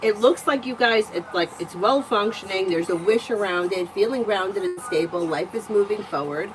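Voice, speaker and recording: A woman's voice: medium pitch, moderate pace, hardly any pauses, background noise. A woman livestreaming as a tarot reader, telling stories in a chatty way, laughing often and swearing freely. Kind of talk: casual storytelling and tarot reading.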